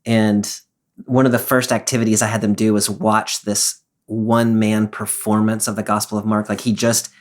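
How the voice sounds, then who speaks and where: A man's voice: fairly low pitch, little pitch movement, moderate pace. Guy cohost, teacher type, eager, explaining lots, "like" everywhere. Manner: enthusiastic, explanatory, many fillers. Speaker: podcast co-host and teacher. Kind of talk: casual discussion of a Bible passage.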